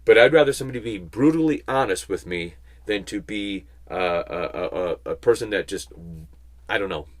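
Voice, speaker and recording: A man giving a casual Bible teaching, chatting with rambling asides and slowing down to stress key points. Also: on the low side, lively intonation. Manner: conversational, rambling asides, slow emphatic stresses. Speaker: Christian speaker.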